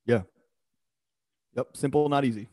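A man's voice: medium pitch, a little slow, darkish tone, no room sound. A man guesting on a podcast, talking about his personal mission in an emphatic, motivational way, blunt and with the odd swear word. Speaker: podcast guest, performance coach. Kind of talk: casual podcast conversation.

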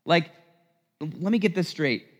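Animated male preacher in a church. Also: fairly high pitch, unhurried. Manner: animated, rhetorical questions, emphatic. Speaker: priest preaching. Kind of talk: sermon. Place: church sanctuary. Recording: long church reverb.

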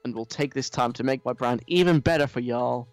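Radio host putting on an entitled young woman influencer with an American accent, self-pitying and whiny, mid-pitched, over faint music. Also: brisk, no room sound, close to an everyday voice. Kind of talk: mock reading of a social post.

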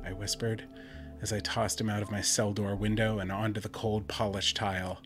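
A man, a podcast host, narrating a first-person horror story in a measured, dramatic and wry way. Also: lowish voice, flat delivery, music in the background.

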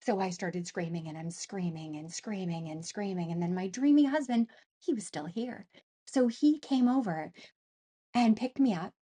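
A middle-aged woman from Canada, an interview guest telling an emotional personal story in an animated way, acting out voices with many fillers. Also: medium pitch, moderate pace, breathy edge.

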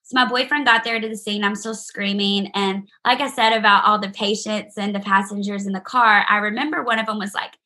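A young woman tells her story to a gathered audience with earnest, heartfelt conviction. Her voice is bright and lifted, sitting a little high. She talks to listeners directly and personally, as if among friends. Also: steady tone, fairly quick, hardly any pauses. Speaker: speaker sharing her testimony.

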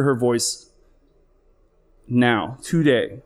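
This middle-aged man, a flight paramedic, tells a true story about himself before a live audience, speaking candidly and with emotion. He has a mid-range, somewhat dark voice, drops in the odd swear word, and slows for emphasis.

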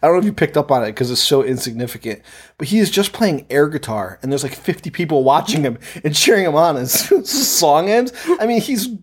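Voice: medium pitch, big pitch swings, quick pace, breathy edge. A podcast co-host recapping a movie in casual chat, wry and often laughing.

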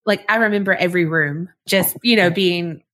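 A woman's voice: fairly low pitch, normal speed, a bit bright. A woman co-hosting a podcast, chatting casually, giggling and exclaiming often. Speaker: podcast co-host.

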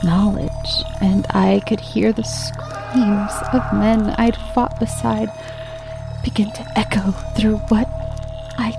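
A woman giving a scripted story narration in a hushed, often half-whispered voice, with music playing behind her. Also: mid-range voice, level tone, takes it slowly, gravelly.

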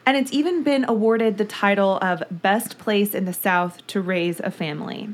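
A woman co-hosting a true-crime podcast in a relaxed, chatty storytelling voice. Her pitch sits in the middle range, and she narrates the case casually with a conversational, friendly flow. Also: moderate pace. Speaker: podcast co-host.

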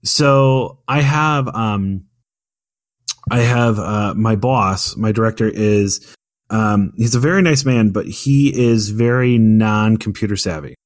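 A man's voice: lowish voice, slow pace, no room sound, clean studio sound. A man in his thirties, a podcast co-host telling a story in casual chat, rambling with many fillers and restarts. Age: 30s.

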